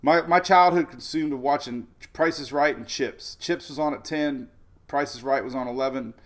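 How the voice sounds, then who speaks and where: A man runs an informal tropical weather stream, commenting over the maps shown on screen and chatting his way onto side topics. He has a mid-range voice and a moderate pace.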